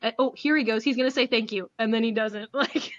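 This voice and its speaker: A woman's voice: on the high side, a little fast. A woman co-hosting a book review, chatting casually, laughing and swearing freely. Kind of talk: casual chat. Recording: slightly dull lo-fi audio.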